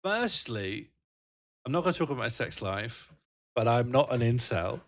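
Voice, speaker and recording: A man's voice: medium pitch, very animated, normal speed, no echo. A man rambling and joking on a casual livestream, answering his chat and laughing often.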